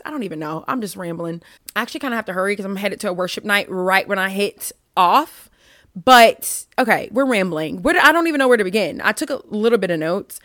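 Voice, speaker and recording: A woman's voice: mid-range voice, a bit bright, no echo. Bubbly young woman, dry close mic. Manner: rambling, bubbly, self-mocking. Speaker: podcast host. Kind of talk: casual faith podcast chat.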